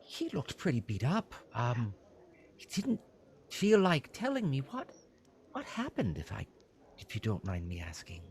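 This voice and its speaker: A man's voice: medium pitch, huge pitch swings, unhurried, long pauses, darkish tone, a little hiss or hum, voice pushed up. A man voicing a heavy-set, well-groomed male innkeeper who is polite and flustered and eager to please. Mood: worried.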